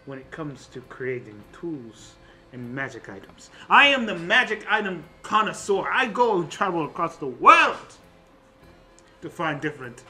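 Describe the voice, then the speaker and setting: A man voicing a boastful male fire genasi inventor and shopkeeper, pitching himself like a grand salesman. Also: bright, forceful tone, full character voice.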